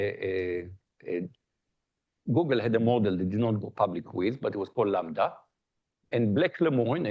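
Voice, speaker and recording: A man's voice: medium pitch, a little mellow, lo-fi sound. A man giving a colloquium talk in a lecture hall, speaking conversationally with jokes, anecdotes and frequent restarts.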